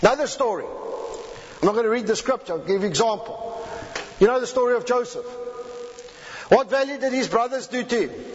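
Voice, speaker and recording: A man preaching a sermon, retelling a scripture story in a lively way and acting out the quotes. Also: extremely high pitch, moderate pace, long pauses. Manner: animated, lively paraphrasing with acted-out quotes. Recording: echoey hall, dull lo-fi sound.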